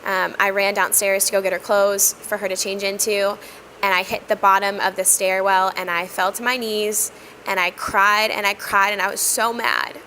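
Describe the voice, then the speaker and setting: A woman sharing a personal testimony in an earnest, reflective way, with frequent pauses and fillers. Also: medium pitch, flat delivery, sharp tone, slight background noise, low-quality recording. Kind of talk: heartfelt personal storytelling.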